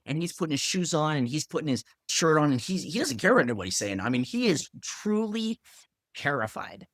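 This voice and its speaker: A man, a pharmacist, telling a story in a casual, animated way, acting out other people's lines and saying "like" a lot. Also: fairly high pitch, brisk, no echo.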